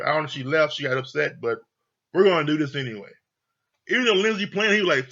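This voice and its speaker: This man reviews reality TV, rambling briskly and expressively through a recap in a somewhat high, bright, husky voice. He's casually profane, laughing often and cursing freely. The audio is a little dull and lo-fi.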